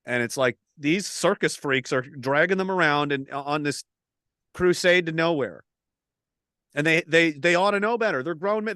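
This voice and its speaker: A man's voice: fairly high pitch, normal speed, sharp tone, clear, resonant tone, no echo, studio quality. A man hosting a casual satirical talk stream, ranting and mocking with plenty of swearing. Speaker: host.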